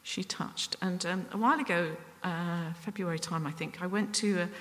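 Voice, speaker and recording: A woman preaching a sermon up at the front, earnest and self-deprecating, with pauses and restarts. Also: fairly low pitch, steady tone, fairly bright tone. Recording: long reverb from a hall.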